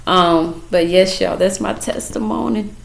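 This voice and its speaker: A woman's voice: medium pitch, unhurried, creaky. A woman talking casually and earnestly to her viewers about her faith, emotional and close to tears as she encourages them. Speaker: mother giving a testimony. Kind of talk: casual faith testimony vlog.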